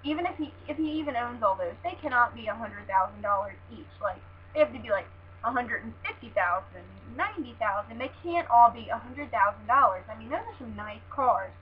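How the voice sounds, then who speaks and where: A young woman with a fairly high voice chats through her recap in a gushing rush, full of "like" and "oh my God". The recording is dull and lo-fi, with a faint hum underneath. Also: expressive, brisk. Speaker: wrestling fan vlogger. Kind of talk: casual show recap.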